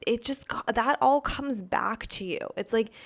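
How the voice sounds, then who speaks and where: A young woman from the United States telling a casual story in a rambling monologue, filling her talk with "like" and quick asides. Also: on the high side, vocal fry. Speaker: vlogger.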